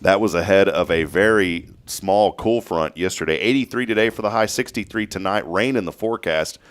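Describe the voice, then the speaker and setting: A man's voice: low voice, a little fast. A man with a Texan accent hosting a casual morning radio show, folksy and joking with his guests.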